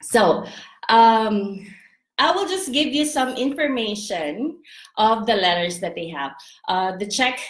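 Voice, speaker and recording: Slow-talking Filipino woman in an echoey room. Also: a little high, expressive. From Philippines. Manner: chatty, laughs often, many fillers and restarts. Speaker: vlogger. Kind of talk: casual explainer vlog.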